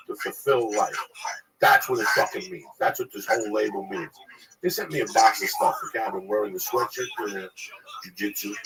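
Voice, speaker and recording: Gravelly profane podcast host. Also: male voice, mid-range voice, distant mic, heavy background noise. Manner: loud, profane, shouting rant over music. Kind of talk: profane ranting podcast talk. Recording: loud music behind the voice.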